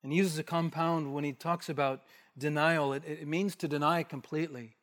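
A man preaching an expository sermon, emphatic and repetitive, dropping to a hush to stress key points. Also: on the high side, fairly even intonation, moderate pace. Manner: emphatic, repetitive, with hushed drops for weight.

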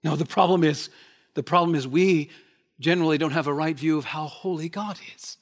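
Male pastor, somewhat high voice, emphatic sermon delivery with repeated phrases. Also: a little fast. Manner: emphatic, repeats key phrases, swings from loud to hushed.

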